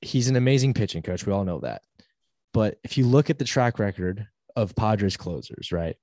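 Male podcast host, deep-ish voice, dry recording, easygoing interviewer. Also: animated, normal speed, darkish tone, dry recording. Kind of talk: casual sports podcast interview.

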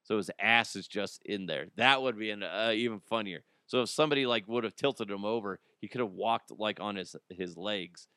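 A man's voice: fairly low pitch, normal speed, few pauses, sharp tone, smooth, no room sound, studio quality. A man hosting his own podcast alone, rambling and joking and laughing at his own stories. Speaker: podcast host. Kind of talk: casual solo podcast monologue.

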